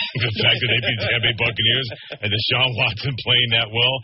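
A man hosting a sports radio show, briskly reading station plugs and then giving his takes on the games. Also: medium pitch, little pitch movement, muffled recording, slight background noise. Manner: brisk, reads plugs and phone numbers.

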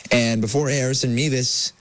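A man giving his picks in a casual sports chat, a bit hesitant and halting. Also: mid-range voice, fairly even intonation, poor audio. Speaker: panelist.

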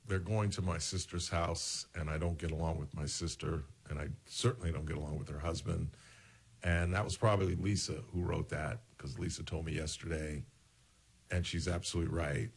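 A man's voice: sits low, vocal fry, slightly rough. A man hosting a show, telling rambling personal stories in casual chat and acting out the dialogue. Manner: rambling, digressive, acts out quoted dialogue. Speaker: radio-style show host.

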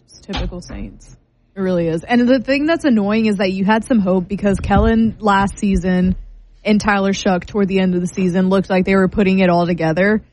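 A woman's voice: mid-range voice, fairly quick, darkish tone, a little hiss or hum, rough recording. A woman co-hosting a sports talk show, talking in an exasperated, sardonic way and rattling off stats.

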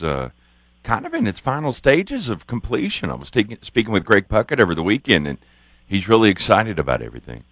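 Deep-voiced, easygoing male radio host. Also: dry recording. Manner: relaxed, easygoing questions with fillers. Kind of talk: casual radio interview.

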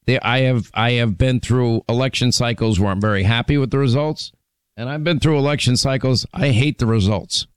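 A man's voice: mid-range voice, fairly quick, smooth, no echo. A man hosting a call-in talk radio show, talking emphatically with frequent restarts as he lists his points.

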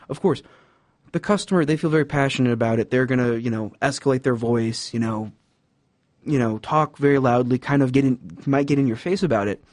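A man's voice: mid-range voice, darkish tone, no room sound, clean studio sound. A young man giving casual advice about customer service jobs, rambling with many fillers and acting out quoted customers and bosses. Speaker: podcast host giving job advice. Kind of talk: casual monologue.

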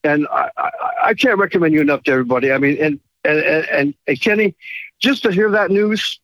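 A man phones in to a radio show, his voice high and dry-sounding. He is emotional and thankful, stumbling and repeating himself. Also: a little fast, fairly bright tone, no echo, poor audio. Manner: emotional and grateful, stammers and repeats words. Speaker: caller. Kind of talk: phone-in call.

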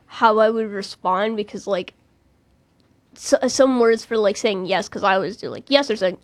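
A woman's voice: medium pitch, steady tone, moderate pace. A woman chatting casually about playing a witness in a mock trial, with lots of laughs and restarts. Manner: chatty, laughing, self-interrupting. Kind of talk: casual chat.

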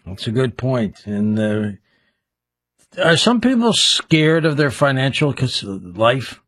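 A man's voice: medium pitch, sing-song, slow, a bit bright. A man hosting a late-night radio talk show, interviewing a guest in a friendly, complimentary way.

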